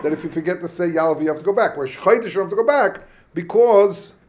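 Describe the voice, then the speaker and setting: Animated teacher, higher-pitched man. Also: fast. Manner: questioning, animated, mixes Hebrew and Yiddish terms. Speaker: Talmud class teacher. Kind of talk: lively Talmudic lesson.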